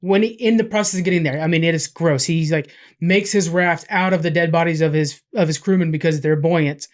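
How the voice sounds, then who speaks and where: Rambling, excitable man recapping a story. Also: a little high, fairly quick. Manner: rambling recap with many fillers and restarts; excited, gushing. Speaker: podcast host recapping a comic. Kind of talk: casual chat.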